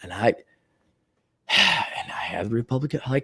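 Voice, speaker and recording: Guy ranting on his podcast, sarcastic and swearing a lot, middle pitch. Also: big pitch swings, moderate pace, gravelly, pauses often, sharp tone, breathy edge. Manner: sardonic, profane, blunt. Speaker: podcast host. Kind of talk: casual monologue rant.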